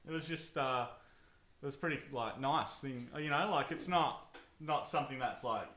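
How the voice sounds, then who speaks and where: A man telling a loose, rambling anecdote on a podcast, with plenty of ums and likes. His tone is bright and forward, and the room gives it a noticeable echo. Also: medium pitch, normal speed. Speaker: podcast co-host. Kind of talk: casual storytelling chat.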